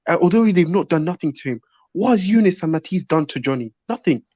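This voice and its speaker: A man's voice: a little high, animated, quick pace, darkish tone, no room sound, dull audio. A man in a casual football fan debate, speaking insistently and repeating himself to press his point.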